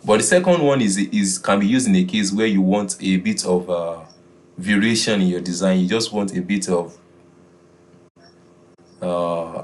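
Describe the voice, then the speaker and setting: A man teaching a beginners' design class, often repeating his key points and pausing with "uh". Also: sits low, a little hiss or hum. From Nigeria. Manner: repeats key phrases, filler "uh". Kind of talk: classroom lesson.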